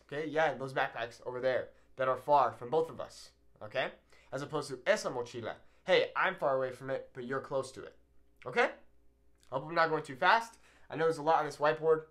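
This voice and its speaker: Lively young man teaching at a whiteboard. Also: a little high. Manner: casual, upbeat, many "okay"s and repeated examples. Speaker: Spanish teacher. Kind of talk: whiteboard language lesson. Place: classroom with a whiteboard.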